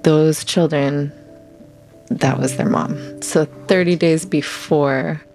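A woman telling her own story in an interview, reflective and halting, often pausing to find her words. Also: sits low, steady tone. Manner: reflective, halting, soft-spoken. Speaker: interviewee, former prison firefighter. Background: soft music.

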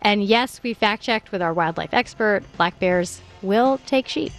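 A woman's voice: mid-range voice, expressive, a little slow, soft background music. A woman hosting a radio science show, reading scripted links between callers.

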